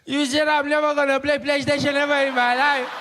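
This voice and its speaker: A man voicing a plaintive, self-absorbed little boy in a high, whiny child's voice, pleading on the edge of tears. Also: flat delivery, fairly quick, noisy background. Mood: whimpering.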